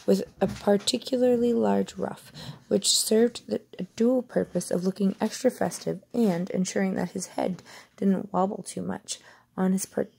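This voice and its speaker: A woman's voice: mid-range voice, gravelly, dark tone, slightly rough. A woman reading a novel aloud in an unpolished way, often stumbling and restarting words. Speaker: reader.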